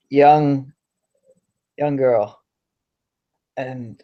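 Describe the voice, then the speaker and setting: A man playing his character in a tabletop game, slow, wistful and reflective. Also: on the low side, fairly even intonation, dark tone, lo-fi sound. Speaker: player. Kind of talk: in-character role-play.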